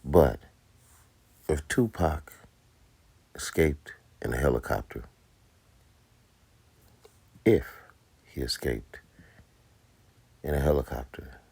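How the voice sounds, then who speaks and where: A man's voice: extremely low pitch, slow pace, vocal fry, pauses often, darkish tone, husky, no echo. A man in his fifties giving casual, profane commentary, incredulous and emphatic. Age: 50s. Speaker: commentary host.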